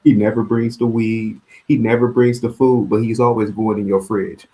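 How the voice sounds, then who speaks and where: A man's voice: lowish voice, little pitch movement, moderate pace, dark tone. A man on a call-in livestream panel, ranting and repeating himself in heated casual talk.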